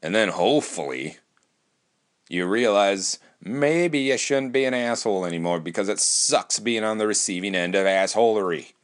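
A man's voice: lowish voice, animated, moderate pace, smooth. A man from Wisconsin hosting a podcast, talking in a rambling, profane casual monologue with frequent restarts.

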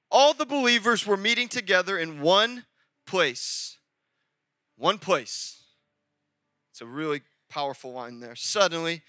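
Male pastor, high and very bright voice, casual sermon delivery with loud bursts, dry close sound. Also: no room sound. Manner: energetic, conversational preaching with sudden loud peaks.

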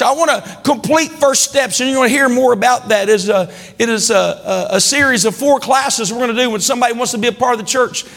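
High-pitched pastor preaching, calls for amens, big echoey church hall. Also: male voice, fast, hardly any pauses. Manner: preaching with call-and-response, rising to shouts. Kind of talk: sermon. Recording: long church hall reverb.

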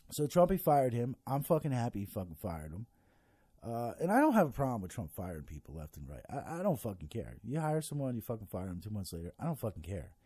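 A man's voice: mid-range voice, dark tone, dry recording. A man ranting casually about politics as a podcast host, swearing constantly and rambling with many fillers.

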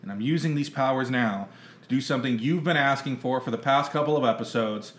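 A man's voice: mid-range voice, brisk, a bit bright, echoey room, slight background noise. A man hosting a casual podcast chat, teasing his co-hosts with mock-solemn buildups. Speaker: podcast host.

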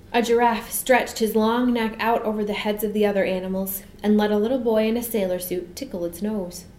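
A woman's voice: medium pitch, a little mellow, slight background noise. Woman reading a storybook aloud. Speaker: narrator. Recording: echoey room.

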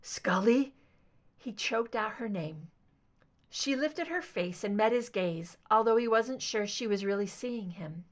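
A woman narrating a fan fiction audiobook with steady, expressive storytelling. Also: mid-range voice, a little slow. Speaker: audiobook reader.

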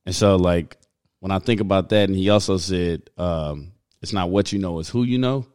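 A man's voice: low-pitched, moderate pace, darkish tone, clear, resonant tone. A young adult man in casual chat, laid-back and slangy, laughing often.

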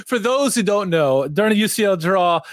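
A man's voice: sits high, no echo, clean studio sound. A man co-hosting a casual podcast, reading out posts and laughing often. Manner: laughs often, reads out tweets. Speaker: podcast co-host. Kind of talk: casual chat.

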